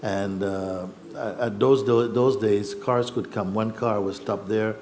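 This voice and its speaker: A man telling a personal story in a reflective, halting way, acting out what others said. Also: on the low side, fairly even intonation, a little mellow, a little hiss or hum. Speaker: spiritual teacher.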